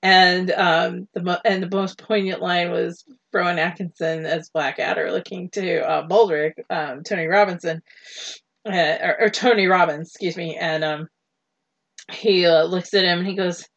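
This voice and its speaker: A woman's voice: lowish voice, steady tone, normal speed, muffled recording. A woman co-hosting a podcast in casual chat, rambling with frequent laughs and restarts. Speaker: podcast co-host.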